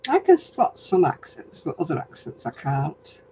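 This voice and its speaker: A woman's voice: on the low side, huge pitch swings, normal speed, mellow, slightly rough, poor audio. A woman with a broad Lancashire accent, chatting homely with viewers while crocheting on a craft livestream. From Lancashire, England. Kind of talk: casual chat, answering viewer comments while crocheting.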